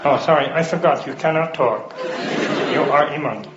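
A man doing an impression of a professor speaking through a flat, mechanical voice synthesizer. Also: a little high, normal speed, pitched below the performer's own voice, natural voice. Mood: monotone. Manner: flat mechanical delivery mimicking a speech synthesizer. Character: robotic synthesized-voice male scientist, flat and monotone. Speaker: stand-up comedian. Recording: lo-fi live recording with loud crowd noise.

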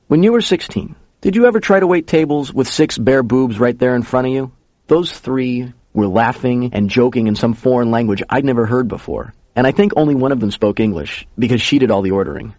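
A man's voice: medium pitch, lively intonation, brisk, darkish tone, no room sound. A man narrating a first-person story in a casual, conversational way. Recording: dull lo-fi recording.

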